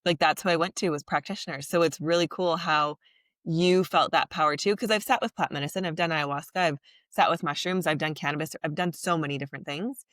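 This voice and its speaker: A woman's voice: low-pitched, fairly even intonation, fairly quick, a bit bright, dry recording, studio quality. A woman hosting a podcast, talking in an earnest, reflective and rambling way with lots of fillers. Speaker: podcast host. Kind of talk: casual conversation.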